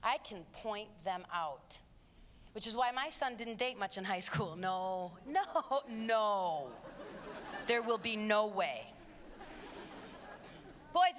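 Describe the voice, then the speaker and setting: A middle-aged woman giving a live talk to students and parents in an auditorium, emphatic and sarcastic, moving between hushed asides and shouts. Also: fairly high pitch, a little hiss or hum. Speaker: speaker addressing students and parents. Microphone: handheld stage mic. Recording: long hall reverb.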